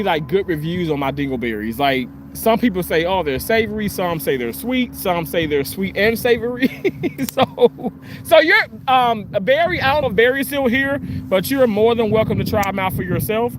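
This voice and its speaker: A man's voice: high voice, background noise. A man hosting a casual livestream. He reads viewer comments in a crude, giggly, playful way. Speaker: livestream host.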